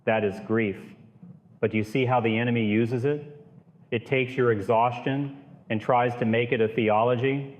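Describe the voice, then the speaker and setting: A man voicing a calm middle-aged priest who speaks gently and steadily. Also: mid-range voice, moderate pace, in a large hall, lightly acted. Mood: gentle.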